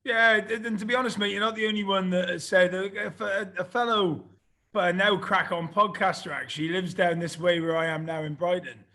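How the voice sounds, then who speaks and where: A man's voice: sits high, steady tone, brisk, pushed and bright. A man hosting a podcast, chatty and friendly, calling his guest mate. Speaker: podcast host. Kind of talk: casual podcast interview.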